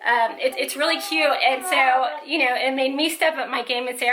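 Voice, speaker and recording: A woman's voice: high voice, fairly even intonation, normal speed, bright, forceful tone, poor audio. A woman telling stories in a casual vlog, chatty and full of "like" and "you know". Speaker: parent vlogger.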